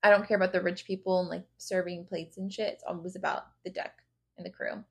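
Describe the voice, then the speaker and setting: A woman's voice: on the low side, steady tone, fast talker, creaky, husky. A woman co-hosting a casual podcast, telling gossipy stories about reality shows and swearing freely. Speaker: podcast co-host. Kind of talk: casual chat.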